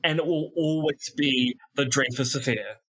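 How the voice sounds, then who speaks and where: A man's voice: mid-range voice, normal speed, pushed and bright. A man in his thirties with a New Zealand accent, co-hosting a casual podcast chat with playful, goofy asides. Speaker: podcast co-host.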